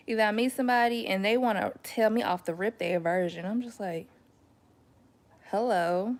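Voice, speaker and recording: Slow, gravelly young mom chatting. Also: female voice, medium pitch. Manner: laughing, animated storytelling with slangy asides. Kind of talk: casual chat.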